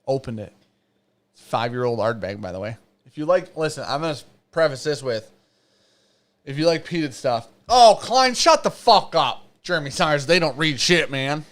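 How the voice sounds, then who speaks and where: A man's voice: medium pitch, normal speed, a bit bright. A man hosting a casual live whiskey-tasting stream, joking, swearing and reading viewer comments aloud. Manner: profane, joking, reads chat comments aloud. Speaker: show host.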